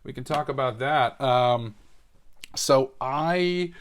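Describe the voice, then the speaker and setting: A man's voice: medium pitch, slow. A young man from New England hosting a casual solo episode, chatting and rambling with lots of fillers while he builds a Lego set. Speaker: podcast host.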